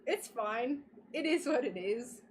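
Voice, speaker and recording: Giggly high-voiced American woman. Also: expressive, unhurried, a little hiss or hum. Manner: giggly, greets chat viewers. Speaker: stained glass livestreamer. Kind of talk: casual livestream chat.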